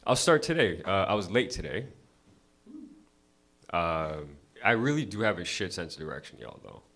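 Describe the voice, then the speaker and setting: A man's voice: low-pitched, very animated, normal speed, fairly bright tone. A man doing a casual, profane stand-up set at an open mic, talking to the crowd conversationally. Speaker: stand-up comedian. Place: comedy club stage.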